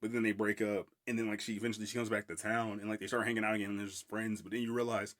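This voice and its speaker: A man's voice: lowish voice, level tone, racing, a bit bright. A man hosting a casual solo podcast review of a film, rambling, laughing often and swearing freely. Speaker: podcast host.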